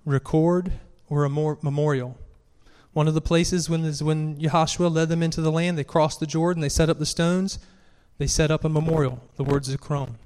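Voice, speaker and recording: A man's voice: on the high side, fairly even intonation, moderate pace, a little mellow, clean tone. A man delivers a sermon in a slightly raised voice that carries an earnest, pressing tone. He climbs in force as he reads scripture aloud. His words ring out with a long hall reverb behind them. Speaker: preacher.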